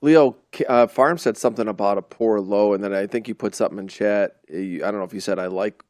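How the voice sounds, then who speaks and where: A man's voice: fairly low pitch, quick pace, darkish tone, no room sound, clean studio sound. A man hosting a live trading show, bantering and joking with his guests before turning to the charts. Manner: jokey, bantering, hesitant restarts. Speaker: host.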